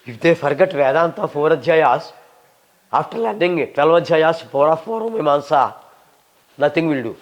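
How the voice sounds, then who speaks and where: A man in his sixties with a Telugu accent, a visiting scholar answering questions in a fast, humorous and emphatic way. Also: a little high, animated. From Telugu-speaking South India. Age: 60s. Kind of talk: lecture-style Q&A.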